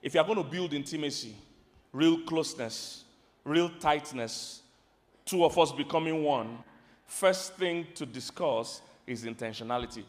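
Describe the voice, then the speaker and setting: A man with a Nigerian accent preaches a sermon on marriage to a live audience in a large hall, where long reverb rings around his voice. His pitch is high, and at a measured pace he swings from loud, emphatic lines to quiet asides while firing questions at listeners.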